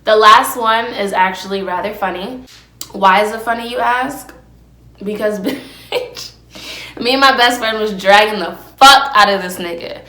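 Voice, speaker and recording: Woman podcast host, young adult, brash and profane, casual solo chat, phone recording, middle pitch, echoey room. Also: a little slow, sharp tone. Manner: brash, profane storytelling, eats while talking. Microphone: phone camera with ring light. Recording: roomy echo.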